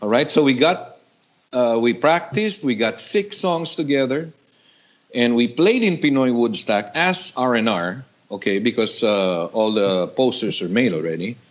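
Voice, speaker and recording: A man from the Philippines in his sixties, telling stories in a casual interview, who acts out the other people in a higher voice. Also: measured pace. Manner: animated, acts out quoted voices in a higher pitch. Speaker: guest rock vocalist. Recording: dull lo-fi audio.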